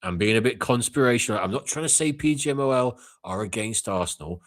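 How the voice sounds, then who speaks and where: A young man hosting a casual call-in chat, blunt and sweary, ranting with loud outbursts. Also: medium pitch, expressive, fast. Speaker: live call-in show host.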